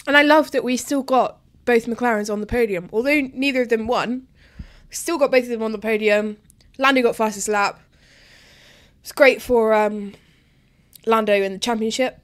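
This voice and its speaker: A woman's voice: on the high side, normal speed, pauses often. A young woman giving a live, emotional, chatty reaction commentary while watching a race.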